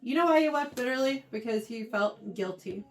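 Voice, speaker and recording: A woman teaching a Bible lesson to a youth class, animated and often checking in with her listeners. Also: on the high side, moderate pace, slight background noise. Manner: animated, keeps checking in with "right?". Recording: voice heard from far off the mic.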